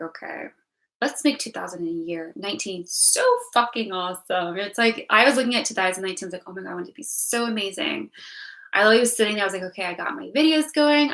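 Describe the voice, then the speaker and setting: A young woman talks straight to her viewers in a loose, rambling livestream update. Her talk is full of "like" and "you know", and she swears now and then without a second thought. Her voice sits at a middle pitch. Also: sharp tone, low-quality recording. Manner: rambling, frank, with filler "like" and swearing. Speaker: vlogger.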